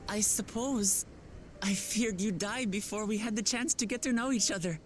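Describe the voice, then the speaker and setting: A woman's voice: medium pitch, moderate pace, faint music behind, natural voice. A woman voicing an earnest young leader. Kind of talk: video game voice acting.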